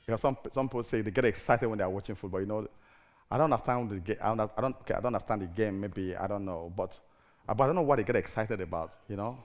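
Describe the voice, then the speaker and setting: A middle-aged man preaching a sermon in an animated, theatrical way, firing rhetorical questions at the congregation. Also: lowish voice, quick pace.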